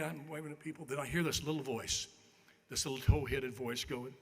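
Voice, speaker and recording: A man's voice: a little high, brisk, breathy edge. Folksy older man telling stories at a banquet. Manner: folksy, self-deprecating, animated. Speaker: honoree giving acceptance speech. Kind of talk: after-dinner storytelling speech. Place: large banquet hall. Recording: long banquet hall reverb.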